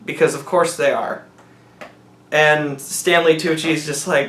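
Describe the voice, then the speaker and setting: A man's voice: fairly high pitch, fairly even intonation, measured pace, fairly bright tone. A man giving a sarcastic, rambling movie review, mocking the film as he goes. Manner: rambling, mocking, acts out characters in silly voices. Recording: roomy echo.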